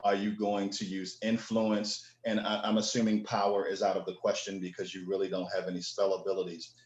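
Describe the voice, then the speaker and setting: A man running a tabletop game as game master, explaining the rules at an unhurried pace with many fillers. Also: sits low, completely flat delivery, reverberant, highs cut off.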